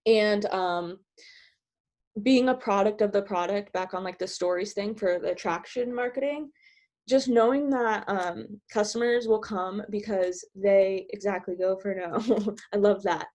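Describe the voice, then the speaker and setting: Bubbly fast-talking woman coaching on a call. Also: medium pitch, a little mellow. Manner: bubbly, giggly, filler-heavy with many "like"s; talks fast. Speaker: team trainer sharing sales tips. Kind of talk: casual coaching talk.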